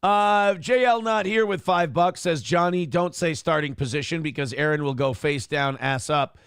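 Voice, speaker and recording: A man hosting a morning talk show in casual chat, rambling and animated, swearing freely with lots of fillers. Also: fairly high pitch, moderate pace, clean tone, dry recording, studio quality.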